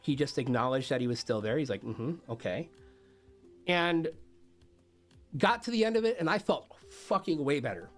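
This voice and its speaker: A man streaming, telling a story casually to his chat, animated, swearing freely and laughing often. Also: on the high side, fairly quick, soft background music.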